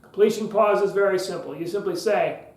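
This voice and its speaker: A man giving a public speaking lesson on a podcast, explaining clearly and stretching words for emphasis. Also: high-pitched, brisk, echoey room, poor audio. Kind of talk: podcast teaching talk.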